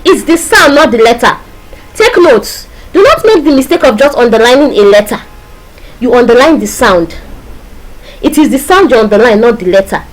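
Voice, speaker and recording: A woman teaching a class. She explains step by step, keeps checking that her students follow along, and reads example phrases slowly. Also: on the high side, low-quality recording. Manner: explains with repeated check-ins and acted-out examples; slow, drawn-out reading of tongue twisters. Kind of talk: classroom lecture.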